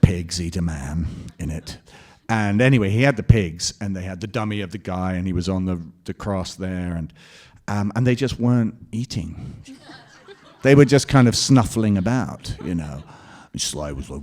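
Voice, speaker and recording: A man answering fan questions at a convention panel, telling lively anecdotes on a handheld mic. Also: deep voice, normal speed. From Scotland. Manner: lively anecdotal storytelling with quoted voices and laughs. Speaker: convention panel guest actor. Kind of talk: storytelling Q&A panel.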